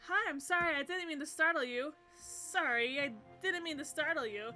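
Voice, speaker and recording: A woman's voice: high-pitched, moderate pace, sharp tone, faint music behind. A woman reading a polite, awkward teen boy. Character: polite, awkward teenage boy, new student.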